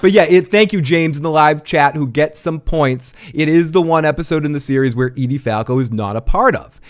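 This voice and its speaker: Man, Boston accent, host, live commentary, fairly high voice, animated. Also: a little fast. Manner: animated, swearing, restarts. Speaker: podcast host.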